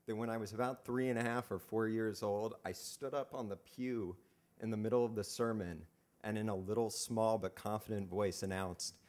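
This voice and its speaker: A man with a fairly low voice tells a story live from a club stage. He is chatty and self-mocking, often stumbling and restarting his sentences as he goes. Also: fairly even intonation, normal speed, a little mellow.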